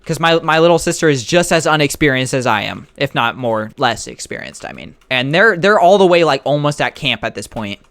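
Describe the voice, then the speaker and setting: A man's voice: fairly high pitch, big pitch swings, moderate pace, fairly bright tone, dry recording. A young man casually telling a rambling story while playing a game and reacting to it. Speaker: gaming storyteller. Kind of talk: casual storytime over gameplay.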